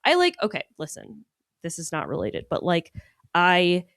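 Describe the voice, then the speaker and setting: A woman's voice: fairly low pitch, huge pitch swings, moderate pace, vocal fry, a bit bright, dry recording, studio quality. A woman hosting a podcast, chatting casually as a climbing coach, swearing freely and trailing off mid-thought. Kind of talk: casual chat. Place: podcast studio.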